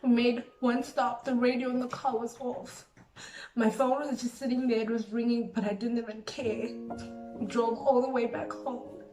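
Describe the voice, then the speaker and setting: A woman's voice: a little high, steady tone, moderate pace, mellow. Grieving woman, distant and roomy. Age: late 20s. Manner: reflective, heavy use of "like", grieving. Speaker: vlogger. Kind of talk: emotional storytime monologue. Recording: roomy sound from a distant mic with background music.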